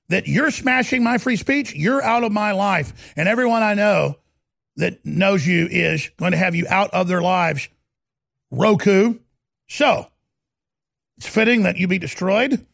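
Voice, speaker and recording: Excitable ranting male radio host. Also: sits high, creaky, no room sound, clean studio sound. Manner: loud, excitable, ranting with bursts of shouting. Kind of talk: ranting talk radio broadcast. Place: radio studio.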